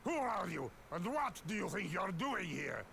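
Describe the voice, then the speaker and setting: A man's voice: sits high, very animated, normal speed, creaky, fairly bright tone, slight background noise, exaggerated voice. A man voicing an indignant, blustering male passenger in a fan dub. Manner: blustering, stammering.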